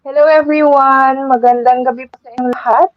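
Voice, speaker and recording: A woman's voice: high-pitched, steady tone, fast talker. A woman in her twenties with a Filipino accent, a pageant candidate who introduces herself in an interview, poised and courteous. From Iriga City, Bicol, Philippines. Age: 20s. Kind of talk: polite self-introduction in an interview. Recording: dull, dry video-call audio.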